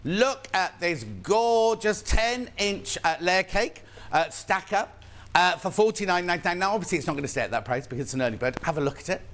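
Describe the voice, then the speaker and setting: A man's voice: high-pitched, expressive, a little fast, fairly bright tone. A man presenting a live shopping channel show, chatty and playful, reading out viewers' messages. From United Kingdom.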